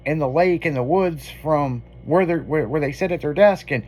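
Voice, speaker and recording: A man's voice: on the high side, moderate pace, darkish tone. A man hosting a radio show, telling a long story in casual, profanity-laden on-air banter.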